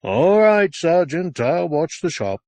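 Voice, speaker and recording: A man's voice: a little high, very animated, takes it slowly, a little mellow, voice pushed up, exaggerated voice. A man reading an audiobook, voicing a good-humored police constable who sounds amused. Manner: cheerful, amused.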